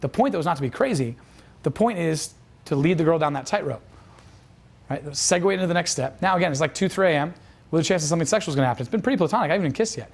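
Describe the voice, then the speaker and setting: A man's voice: a little high, animated, racing, creaky. A man telling a dating coach's story as a lesson, casual and profane, with lots of fillers. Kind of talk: instructional storytelling.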